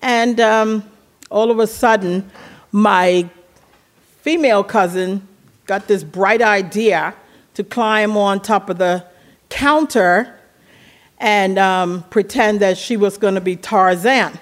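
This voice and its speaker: A speaker casually telling a childhood story, laughing now and then. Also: mid-range voice. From Bermuda. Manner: relaxed, laughs while telling, acts out voices.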